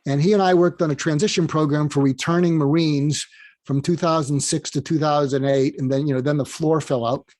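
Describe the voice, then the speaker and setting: A man being interviewed as a doctor, telling rambling, animated anecdotes. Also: on the high side, brisk, no echo. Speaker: guest, doctor. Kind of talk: interview storytelling.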